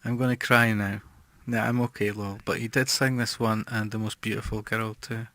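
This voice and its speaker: A man chatting casually as a music streamer, reading out viewer comments and trailing off quietly. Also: on the low side, flat delivery, normal speed, no echo.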